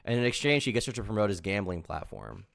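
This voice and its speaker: A young man streaming, reacting to a podcast with rambling commentary and sudden loud outbursts. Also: on the low side, animated, quick pace, creaky. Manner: rambling, repeats himself, sudden loud bursts.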